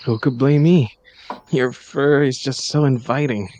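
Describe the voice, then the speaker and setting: A man's voice: mid-range voice, steady tone, unhurried, a little mellow, a little hiss or hum, close to an everyday voice. A man voicing a sleepy, wry young man in a live story reading, joking dryly.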